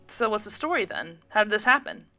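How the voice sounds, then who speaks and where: A woman's voice: mid-range voice, very animated, a little fast, bright, forceful tone, soft background music, pitched above the performer's own voice. A woman voicing a friendly young man who speaks earnestly and gets a bit flustered. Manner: earnest, slightly flustered delivery.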